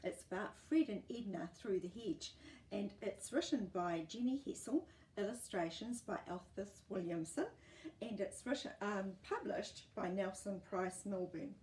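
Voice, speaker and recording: A woman reading a children's picture book aloud in an expressive, animated storytelling manner. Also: medium pitch, a little slow. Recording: roomy, distant mic, faint noise.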